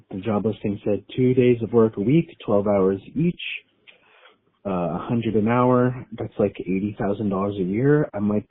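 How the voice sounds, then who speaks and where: A man's voice: medium pitch, slightly rough. A man in his thirties leaving a rambling, nervous, self-doubting voicemail. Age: 30s. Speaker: caller leaving an anonymous voicemail. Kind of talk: confessional voicemail monologue. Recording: tinny phone voicemail line.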